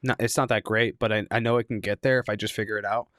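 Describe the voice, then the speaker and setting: A man's voice: lowish voice, fairly even intonation, quick pace, fairly bright tone, dry recording, clean studio sound. A man, a comedian guest on a casual podcast, rambling and self-mocking with hesitant asides. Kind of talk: casual chat.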